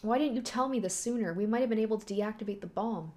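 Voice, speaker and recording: A woman's voice: mid-range voice, fast talker, a little mellow, lightly acted. Woman reading a distraught young man. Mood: alarmed. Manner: anxious and pleading.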